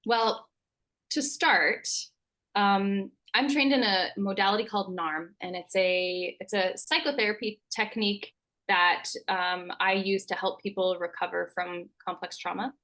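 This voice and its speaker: A woman, a naturopathic doctor, calmly explaining her work as a podcast guest. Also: mid-range voice, a little slow. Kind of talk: interview answers.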